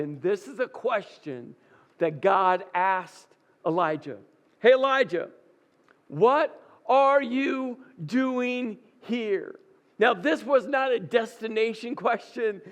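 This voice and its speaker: A male pastor preaching a sermon, retelling a scripture story and acting out its dialogue with rising intensity. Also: high-pitched.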